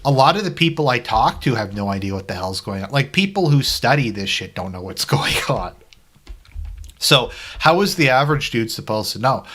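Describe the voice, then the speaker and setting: A man's voice: medium pitch, lively intonation, moderate pace, fairly bright tone. A man giving casual, rambling commentary on a news article, heavy on fillers and sarcastic asides. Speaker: political commentary vlogger.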